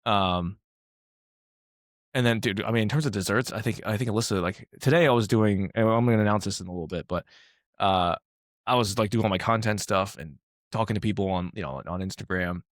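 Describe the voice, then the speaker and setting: Rambling fitness coach, low dry voice. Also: male voice, a little fast, dry recording. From Taiwan. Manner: rambling, filler-heavy, laughs often. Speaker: fitness coach, podcast co-host. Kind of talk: casual podcast chat.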